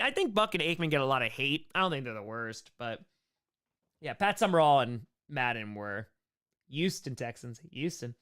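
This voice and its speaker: A young man with a New York accent chatting casually and quickly while answering viewer questions on a live stream, playful and animated. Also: mid-range voice, clear, resonant tone. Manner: fast, animated, playful, reads chat aloud.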